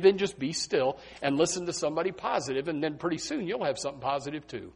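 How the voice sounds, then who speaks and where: Male pastor, sermon, high breathy voice, very animated pitch, emphatic and repetitive. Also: fast talker, few pauses. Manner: emphatic, repeats phrases, swings from hushed to loud. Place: church sanctuary.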